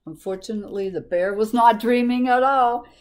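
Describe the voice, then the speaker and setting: A woman librarian reading a picture book aloud to children, gently asking them questions. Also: fairly high pitch, moderate pace. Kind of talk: storytime read-aloud to children.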